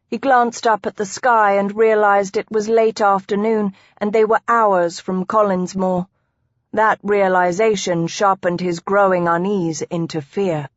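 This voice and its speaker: A woman reading an audiobook as narrator, in an even, measured way. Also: fairly low pitch, no echo, dull audio. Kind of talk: scripted narration.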